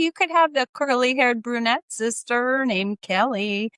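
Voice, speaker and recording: A middle-aged woman co-hosting a casual podcast, who chats reflectively and throws in quick dry jokes. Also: a little high, lively intonation, a bit bright, clean tone, no room sound. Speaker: podcast co-host. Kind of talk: casual chat.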